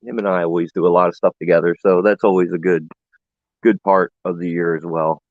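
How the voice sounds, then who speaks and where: A man joining a live stream as a guest, chatting in a relaxed way and laughing easily. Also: low-pitched, fairly quick, no room sound, muffled recording. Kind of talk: casual chat.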